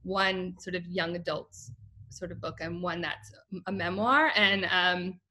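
A woman's voice: fairly low pitch, steady tone, a little slow, pushed and bright, low-quality recording. An American woman in her thirties, a guest in a casual interview, chatty and laughing often as she talks. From United States.

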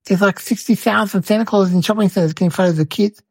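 A woman's voice: mid-range voice, quick pace, creaky, a little mellow, slightly rough, no echo. A woman voicing a cheeky little boy, telling a silly story to the camera in a rambling, chatty way full of fillers.

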